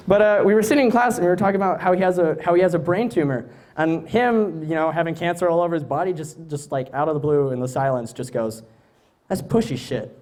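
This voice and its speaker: A man's voice: on the high side, quick pace, darkish tone. A young man in his late teens doing live stand-up comedy on a stage mic, rambling and hesitant, often amused at himself.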